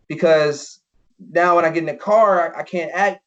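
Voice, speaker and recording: An earnest young man recounting personal stories as a podcast guest. His voice sits a bit high, and he leans on "you know" fillers as he goes. The recording is dull and lo-fi. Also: fairly even intonation, moderate pace, fairly bright tone. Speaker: podcast guest, former pro football player. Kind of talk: personal storytelling in an interview.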